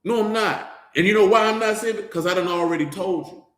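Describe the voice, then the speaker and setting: A man's voice: high-pitched, a little fast, fairly bright tone. A man giving an informal Bible teaching in a conversational, slangy way, speaking straight to his listeners. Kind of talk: informal sermon. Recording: roomy echo.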